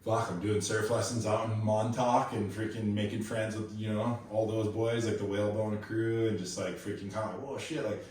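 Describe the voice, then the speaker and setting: A man's voice: lowish voice, flat delivery, normal speed, hardly any pauses, darkish tone. A man from Kauai, a pro surfer guest, telling stories in a slangy, laid-back podcast chat full of fillers. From Kauai, Hawaii. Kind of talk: casual podcast storytelling. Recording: echoey room, mic at a distance.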